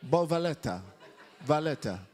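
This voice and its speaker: A man preaching a lively sermon to a church congregation, shouting and leading call-and-response. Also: on the high side, normal speed, some chatter behind.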